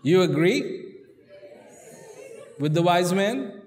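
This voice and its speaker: A man's voice: sits high, animated, drawn-out words, darkish tone, some chatter behind, a little hiss or hum. A man giving a playful storytelling talk, questioning his audience as a spiritual speaker. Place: large event hall. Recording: long hall reverb.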